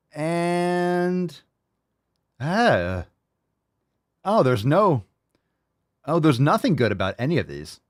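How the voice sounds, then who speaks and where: A man's voice: mid-range voice, darkish tone, dry recording, clean studio sound. Sarcastic, swearing man reacting to clips. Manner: sarcastic, mocking, swears a lot. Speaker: podcast host. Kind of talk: profane reaction commentary.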